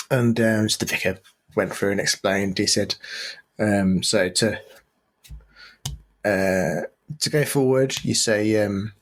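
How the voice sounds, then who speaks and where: A man with a slightly husky voice tells a long joke on a casual podcast. His pitch rises and falls a lot as he rambles, restarting sentences and filling gaps with ums. He stays at a middle pitch. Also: lively intonation, takes it slowly, long pauses. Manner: rambling with many fillers and restarts. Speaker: podcast co-host. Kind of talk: casual chat, telling a joke.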